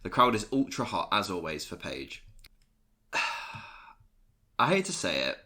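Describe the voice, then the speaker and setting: A young man co-hosting a casual podcast, excitable, laughing and swearing as he recaps wrestling. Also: sits low, takes it slowly. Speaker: podcast co-host.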